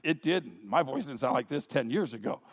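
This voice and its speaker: A male pastor preaching a sermon with animated, playful asides. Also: medium pitch, normal speed, breathy edge. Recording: long reverb of a large hall.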